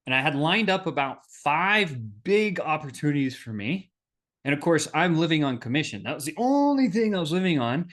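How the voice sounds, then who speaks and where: A man hosting a business podcast, telling a personal story in a lively, animated way and acting out the voices of the people in it. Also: on the high side, normal speed. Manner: animated, acts out quoted voices. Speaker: podcast host.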